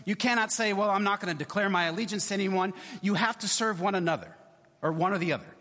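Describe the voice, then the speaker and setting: A male pastor gives a conversational sermon in church, speaking in a high voice at a quick pace with a sharp tone and a long reverb tail. He often checks in with his listeners, repeating "right?" frequently.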